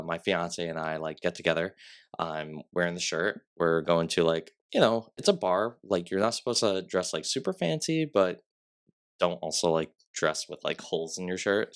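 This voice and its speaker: A man's voice: low-pitched, clean tone. A young man, a podcast guest, telling stories in casual chat, sniffly, with lots of "like" fillers and acted quotes.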